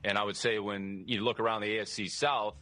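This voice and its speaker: A man speaking as a football team executive at a press conference, measured and steady. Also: fairly low pitch, low-quality recording. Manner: measured, steady, stock phrases.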